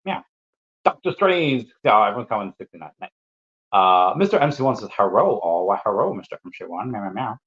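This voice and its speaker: A man's voice: lowish voice, lively intonation, a little fast, a bit bright. A man hosting a casual livestream, reading viewer comments aloud and answering them with playful asides. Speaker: livestream host. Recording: dull lo-fi stream audio.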